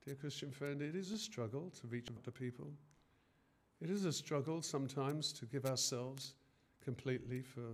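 A man preaching a sermon in an earnest way, often hesitating and rising in force on key phrases. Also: mid-range voice.

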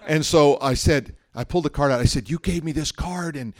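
A middle-aged male pastor telling a personal story in a sermon, animated and joking, often checking in with the listeners. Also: fairly high pitch, fairly quick. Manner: animated storytelling, jokey asides, frequent "right?".

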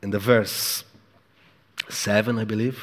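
A man preaching a sermon in an emphatic, repetitive way, moving between hushed and loud delivery. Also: fairly low pitch, little pitch movement, measured pace. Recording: echoey hall with long reverb.

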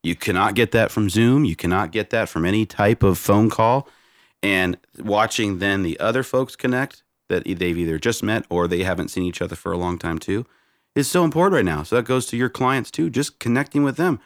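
A man co-hosting a casual morning show from a studio, upbeat and energetic. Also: lowish voice, fairly quick, no room sound. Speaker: co-host. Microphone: studio mic, dry sound.

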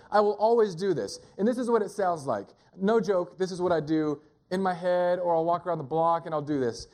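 Guy pastor with a high voice, chatty sermon, cracks jokes, leans on single words. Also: a little mellow. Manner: conversational and joking, pauses to stress single words. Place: church gathering.

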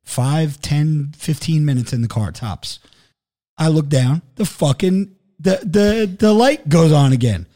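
A man telling a story in a casual chat, animated and profane, acting out both sides of phone calls. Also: fairly high pitch, unhurried.

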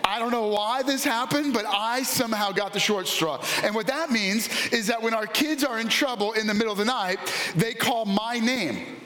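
Pastor with a high voice in a roomy hall. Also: male voice, normal speed, bright, forceful tone, a faint crowd. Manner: candid, self-deprecating storytelling. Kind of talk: sermon. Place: church auditorium. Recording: echoey church hall.

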